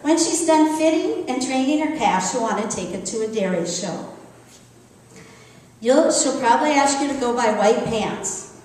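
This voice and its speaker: A woman's voice: sits high, expressive, normal speed, darkish tone. A woman telling a patterned, rhythmic story with repeated lines to a live audience. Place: large hall at a live evening event. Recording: echoey hall from far off.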